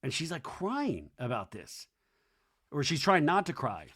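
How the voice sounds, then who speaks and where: Podcast host, man, gossipy recap, slightly high voice. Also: wildly swooping pitch, fairly bright tone. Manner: gossipy, joking, quick asides. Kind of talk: reality-show recap commentary.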